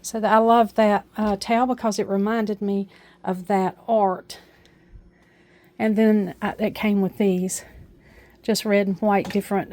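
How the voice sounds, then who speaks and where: A woman's voice: medium pitch, mellow. Chatty woman showing off home decor. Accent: Appalachian. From Appalachia. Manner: homey, chatty, with frequent uh fillers. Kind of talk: casual show-and-tell vlog. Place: at home, kitchen.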